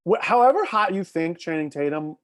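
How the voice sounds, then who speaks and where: A man's voice: a little high, lively intonation. A man chatting on a casual live stream, telling gossipy stories and laughing often. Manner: gossipy, quick storytelling with bursts of laughter. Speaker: guest.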